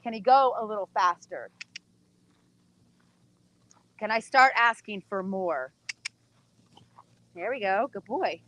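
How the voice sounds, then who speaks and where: A woman's voice: medium pitch, animated, takes it slowly, long pauses, fairly bright tone, a little hiss or hum, poor audio. A woman horse trainer teaching casually while she works a horse, chatting to the viewers and coaxing the horse with praise.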